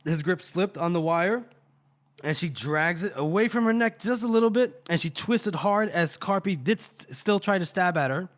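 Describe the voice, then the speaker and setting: A man co-hosting a podcast who retells a book chapter in a rambling, animated way, swearing casually and filling pauses with "uh" and "you know". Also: high-pitched. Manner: rambling, animated, profane, with many fillers. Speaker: podcast co-host.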